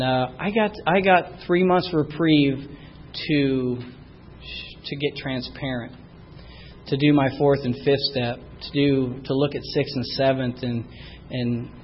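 A middle-aged man giving personal testimony at a recovery meeting, halting and repeating himself, and getting louder when he stresses a point. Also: medium pitch, fairly even intonation, highs cut off, a little hiss or hum. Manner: halting, repeats words, rises in volume when emphatic.

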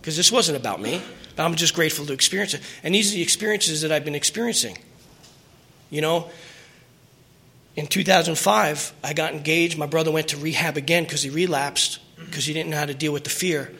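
A man's voice: fairly high pitch, a little fast, creaky, bright, forceful tone, husky. A middle-aged man telling his personal recovery story at a meeting, earnest and emotional, rambling with restarts.

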